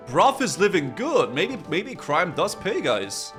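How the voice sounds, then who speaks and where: A man plays a game on stream and reacts in a casual, playful way, swearing freely. His voice is fairly high and very lively in pitch. Faint music runs underneath. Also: slow. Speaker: gaming streamer. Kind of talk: gaming commentary.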